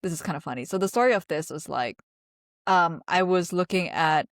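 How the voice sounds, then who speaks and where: A woman's voice: on the low side, a little fast, no echo, clean studio sound. A woman co-hosting a podcast in casual chat, talking with plenty of fillers and laughing often. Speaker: podcast co-host.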